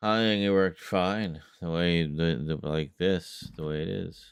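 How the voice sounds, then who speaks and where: A man's voice: sits low, fairly even intonation, unhurried, gravelly, clean tone, no echo, studio quality. A man hosting a livestream, chatting casually with viewers, reading their messages aloud and laughing often. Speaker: livestream host.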